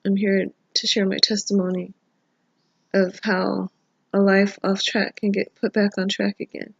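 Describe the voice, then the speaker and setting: A woman's voice: mid-range voice, level tone, unhurried, gravelly, slightly rough, no echo, muffled recording. A middle-aged woman sharing an emotional, prayerful personal testimony in a video diary, tearful and rambling at times. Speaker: vlogger. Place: home. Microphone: phone camera.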